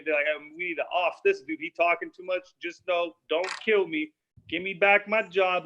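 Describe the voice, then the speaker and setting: A young man talks fast and emphatically in loose, profane podcast chat. His voice sits high and bright, a little tense at the top. The recording sounds slightly dull and lo-fi. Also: slight background noise. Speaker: podcast guest, battle rapper.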